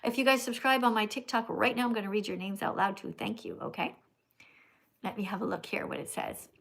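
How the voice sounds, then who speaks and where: A woman's voice: medium pitch, fairly quick, creaky, a bit bright. A middle-aged American woman hosting a livestream in casual chat, emphatic and scolding, repeating herself. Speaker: livestream host.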